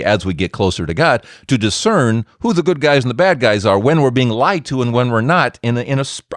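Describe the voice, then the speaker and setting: Animated man, joking faith talk. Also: medium pitch, no room sound, clean studio sound. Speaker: Catholic speaker and podcast host.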